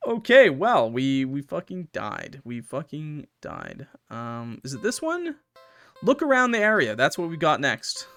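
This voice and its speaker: A man's voice: a little high, wildly swooping pitch, unhurried, gravelly, fairly bright tone, soft background music. A young man playing a horror game, reading its text aloud with dramatic swings and joking asides. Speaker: gaming YouTuber.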